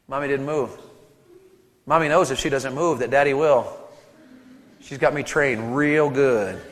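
A man in his thirties preaching a sermon to teenagers at a camp, animated and storytelling, acting out voices and joking with the crowd. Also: medium pitch, unhurried, pauses often, in a large hall.

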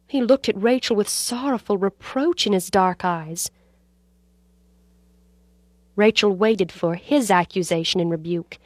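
Woman, storybook narration, measured, dramatic, mid pitch, dry close sound. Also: dry recording.

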